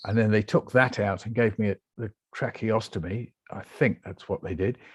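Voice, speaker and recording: A British man, a guest author, telling his story in a lively interview and acting out the voices he quotes. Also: fairly low pitch, moderate pace, slightly rough, no room sound. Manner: animated, acts out quoted voices.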